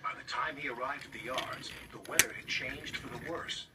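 A man narrating a children's storybook in an expressive storytelling manner. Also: mid-range voice, moderate pace, heavy background noise. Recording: distant voice under loud music.

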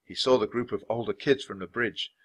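A man reading a children's chapter book aloud at a natural pace for language learners, expressive and clear. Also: on the low side, a little fast. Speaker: storybook reader.

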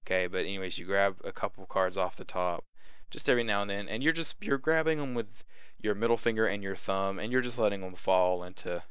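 A young man explains a card force in a relaxed, chatty way, stopping often to check in with the viewer. His voice sits a little low and comes across smooth and clear. The sound is dry and close, with no room around it. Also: brisk, dry recording, lo-fi sound. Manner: chatty, repeats "okay?" to check in, acts out patter. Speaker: magic tutorial host. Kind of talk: casual card-trick tutorial.

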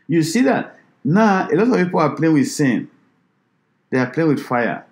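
A man's voice: a little high, very animated, normal speed. A man preaching a sermon who exhorts his listeners with repeated rhetorical questions.

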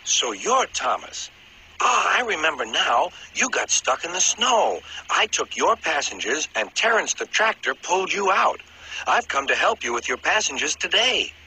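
A man's voice: on the high side, big pitch swings, normal speed, pushed and bright, a little hiss or hum, voice pushed up, heavily acted, low-quality recording. A man voicing a cocky, friendly male bus who talks in a jaunty, teasing way. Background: music.

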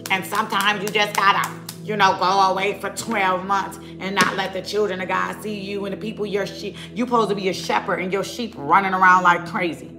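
A woman's voice: mid-range voice, fairly even intonation, a little fast, hardly any pauses, over music. A woman ministering online, preaching a fiery rant at her viewers, emphatic and scolding, with lots of repetition and casual talk.

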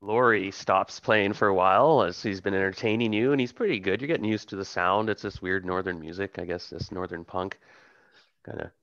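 A man with a lowish voice narrates a tabletop game as its game master. He rambles and hesitates, filling gaps with ums. The recording is dry and muffled. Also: a little fast, fairly bright tone, no room sound.

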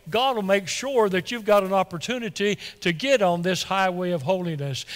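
A male pastor delivers his sermon in a high voice, folksy and easily excited, doubling words when the feeling runs ahead of him. His voice rings out through a church with a long, lingering reverb. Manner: excitable, folksy, stumbles and repeats when worked up. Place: church sanctuary.

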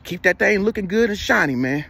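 A man's voice: sits high, animated, a little fast, vocal fry, bright, forceful tone, breathy edge, full character voice. A man voicing a friendly, easygoing stranger who chats in a laid-back drawl and calls everyone "man.". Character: friendly middle-aged man, easygoing and chatty.

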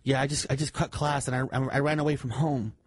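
A man's voice: flat delivery, lightly acted. A man playing a fake runaway teen boy on a prank call, who stammers and rambles. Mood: mumbling. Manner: halting, stammering, mumbly and low. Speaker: prank caller.

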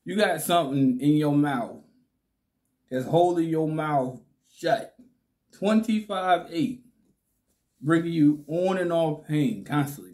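A man hosting his own vlog in a relaxed, slangy way, talking with a slight lisp because his cheeks are swollen. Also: on the high side. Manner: slow, laid-back, slangy, laughs often. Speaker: channel host. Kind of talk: casual vlog talk to camera.

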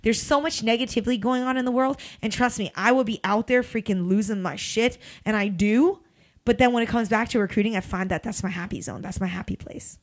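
A woman in her thirties, a podcast host and recruiter, delivers a casual motivational monologue. She's emphatic and blunt, swears freely, and speaks briskly with big swings in pitch.

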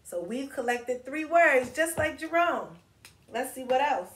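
A woman reading a picture book aloud to children, slowly spelling out words and inviting them to clap syllables with her. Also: high voice, animated, fairly bright tone, distant mic. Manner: slow, encouraging, spells and claps words with kids. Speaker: storytime reader. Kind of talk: children's read-aloud lesson. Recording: echoey room with faint noise.

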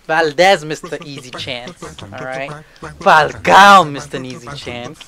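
A young man casually commentating his own football video game match, excitable and quick to swear and yell at the game. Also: on the high side.

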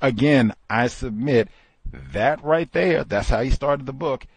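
Man, book club host, reading and commenting, emphatic, husky, dry close sound. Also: medium pitch, measured pace, dry recording. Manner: emphatic, exclaiming, conversational asides.

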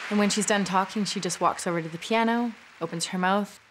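A woman's voice: medium pitch, brisk, background noise. A woman in an interview recalling a talk she watched, speaking with vivid admiration. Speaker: audience member recalling a talk. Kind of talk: interview recollection.

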